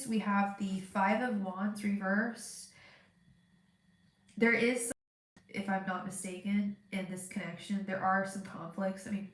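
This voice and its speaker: A woman's voice: medium pitch, roomy sound. A woman with a stuffed-up, congested voice giving a live tarot reading, chatty and thinking aloud with lots of fillers and restarts. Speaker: tarot reader.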